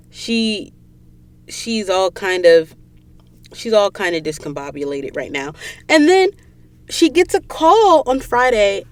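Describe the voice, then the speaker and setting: A young woman from the American South with a Southern accent, hosting a podcast and recapping a book in a casual, animated way, acting out the characters' dialogue. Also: on the low side, clean tone. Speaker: podcast host.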